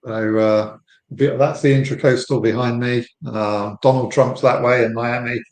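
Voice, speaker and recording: A man in his fifties from the United Kingdom with an English accent, a relaxed guest on a podcast interview over a video call. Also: medium pitch, moderate pace, echoey room, low-quality recording. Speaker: guest, company founder. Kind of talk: casual interview chat.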